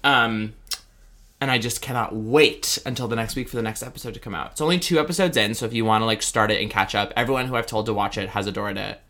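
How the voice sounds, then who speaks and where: A man's voice: on the low side, fast talker, pushed and bright. A man co-hosting a casual pop-culture chat, campy and gossipy, full of "like". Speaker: podcast co-host.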